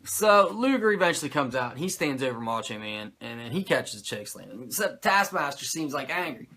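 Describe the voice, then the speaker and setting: A man hosting a podcast, recapping a show in animated, profane, sarcastic casual chat. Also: mid-range voice, a little fast, breathy edge. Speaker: podcast host recapping wrestling.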